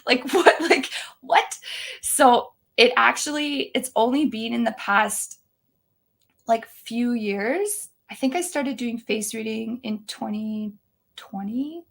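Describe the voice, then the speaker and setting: A woman in her thirties, a guest telling stories in a chatty, animated way, full of "like" fillers. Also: fairly high pitch, slow pace, creaky. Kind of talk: casual storytelling.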